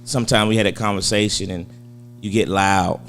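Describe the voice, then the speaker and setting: A man speaks in a relaxed, affirming way in a casual chat. His voice is low, with a faint electrical hum behind it. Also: brisk.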